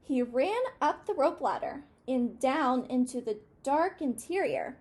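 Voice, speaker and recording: A woman's voice: high voice, expressive, measured pace, darkish tone. A woman reading a children's storybook aloud expressively, stopping to ask her young listeners questions.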